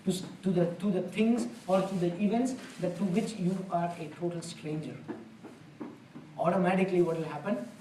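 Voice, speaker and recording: A man's voice: high-pitched, fairly even intonation, moderate pace, warm tone, slight background noise. A man giving a conversational spiritual discourse in a temple hall, earnest and plain-spoken, with homely examples. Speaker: spiritual lecturer. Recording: roomy, distant mic in a hall.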